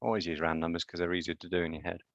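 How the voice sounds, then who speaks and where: A man's voice: low-pitched, level tone, very fast, fairly bright tone, dry recording, muffled recording. A man lecturing on genetics in a live online class, chatty and quizzing students with joking asides.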